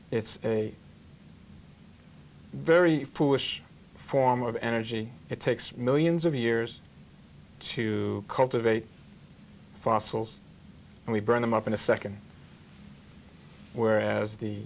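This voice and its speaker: A man who is a rabbi leads a television talk show, speaking in a warm storytelling cadence at an everyday pitch. His delivery is sermon-like, with folksy jokes and parables. A faint hum of ambience sits under his voice. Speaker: rabbi hosting an interview show.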